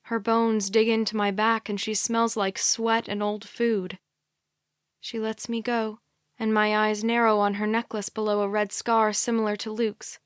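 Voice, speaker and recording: A woman narrating a young adult thriller audiobook in a quiet, measured first-person reading. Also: mid-range voice, level tone, clear, resonant tone, no room sound, clean studio sound. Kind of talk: scripted narration.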